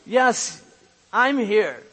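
A preacher putting on the voice of God from above, calm, plain and firm, pitched high. The words hang in a large hall with a long echo. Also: male voice, very slow, husky, heavily acted.

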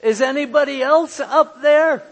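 A preacher doing a terrified man hanging off a cliff by a branch, his voice pitched high and hollering for anyone above to hear. The cries ring out in a big hall with a long echo. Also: takes it slowly, a bit bright, breathy edge, full character voice. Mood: desperate. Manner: desperate hollering, raised pitch.

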